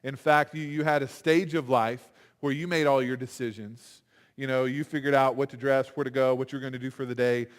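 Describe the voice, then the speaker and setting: Animated man preaching in a reverberant chapel. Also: mid-range voice, a little fast. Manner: animated, conversational preaching with acted-out quotes. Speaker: chapel speaker. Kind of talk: sermon. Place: university chapel. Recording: long hall reverb.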